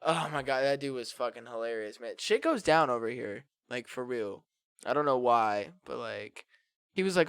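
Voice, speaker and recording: A man's voice: medium pitch, expressive, normal speed, gravelly, a bit bright, clear, resonant tone, no room sound, clean studio sound. A man chatting casually with friends, telling a story full of swearing, fillers and laughter. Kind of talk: casual chat.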